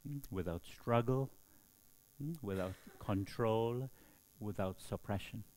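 Slow-speaking monk with a low voice. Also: male voice, a little mellow. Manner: slow, with frequent questioning "hmm?". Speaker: Buddhist monk teacher. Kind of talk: dharma talk.

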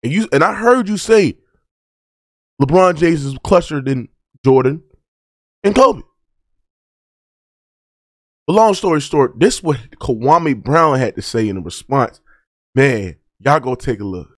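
A man's voice: mid-range voice, expressive, a little slow, pauses often, no room sound, studio quality. A man hosting a sports debate reaction show, preaching heatedly and asking "right?" over and over. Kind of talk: reaction commentary.

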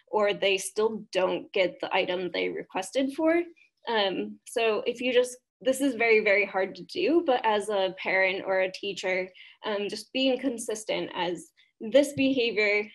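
A woman presenting a webinar on behaviour therapy, explaining steps and quizzing her audience. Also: a little high. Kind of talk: webinar lecture.

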